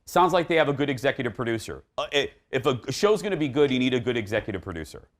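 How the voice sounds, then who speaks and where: A man hosting an entertainment talk show, chatting casually with an animated, joking and emphatic manner. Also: mid-range voice, fast.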